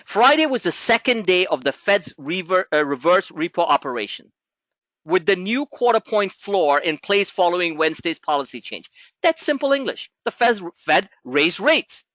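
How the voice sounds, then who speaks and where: A man coaching a trading group, explaining markets in an animated, rambling way with many restarts. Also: sits high, brisk, no room sound, dull audio.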